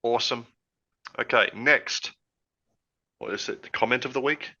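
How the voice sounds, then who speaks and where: A man co-hosting a podcast in a relaxed, rambling chat from a hot room at home, talking through an old headset. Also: mid-range voice, moderate pace. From Australia. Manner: rambling, easygoing, laughs often. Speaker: podcast co-host. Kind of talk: casual chat. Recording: lo-fi headset audio.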